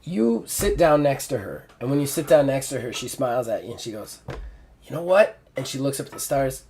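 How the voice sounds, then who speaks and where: A male game master narrating a tabletop game in a casual, halting way. He speaks at a mid pitch, and faint noise hums behind his voice. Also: animated, creaky, dark tone.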